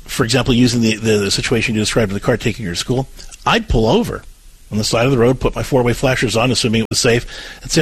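A man's voice: medium pitch, fast, breathy edge, dry recording, rough recording. A man co-hosting a call-in advice radio show, coaching step by step and acting out example phrases. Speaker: radio co-host.

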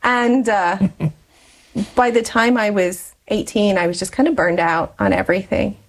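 Woman, 40s, interview guest; chatty storyteller, laughs a lot, mid-pitched. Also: expressive, measured pace, poor audio. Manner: chatty, laughs often between phrases. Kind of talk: personal storytelling in conversation.

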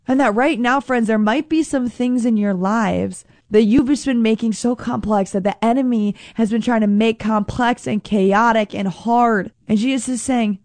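A woman's voice: mid-range voice, darkish tone, no room sound. Earnest woman teaching from scripture. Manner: earnest, conversational, slows for emphasis, acts out quoted voices. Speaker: Bible teacher. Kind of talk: Bible reading and devotional teaching.

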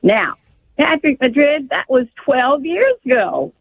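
Calling a radio program, an older woman recounts a painful family story, pleading and stumbling over the phone. Her high-pitched voice has a sing-song lilt, a measured pace, and a gravelly, breathy edge, and the telephone line sounds tinny.

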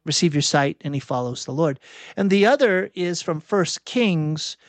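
A man's voice: fairly high pitch, lively intonation, moderate pace, no room sound. A man giving a sermon in a reflective, searching way, often restarting and correcting himself mid-thought. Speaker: preacher.

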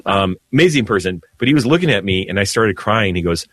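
A man's voice: on the low side, lively intonation, quick pace, no echo. A man who is a Catholic priest, leading prayer and telling a heartfelt story on a radio talk show. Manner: earnest, emotional storyteller with restarts and laughs.

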